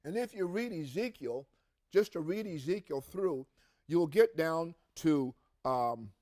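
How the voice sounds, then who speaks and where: A man's voice: on the high side, expressive, unhurried, a little mellow. A man co-hosting a religious podcast, reading scripture aloud with rising emphasis and adding his own comments. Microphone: podcast mic.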